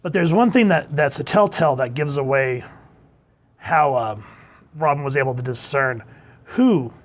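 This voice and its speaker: A man with a slightly higher-than-usual voice chats through a comic book review. He is enthusiastic and loose, sometimes slipping into playful voices as he reads lines aloud. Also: moderate pace. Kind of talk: casual review monologue.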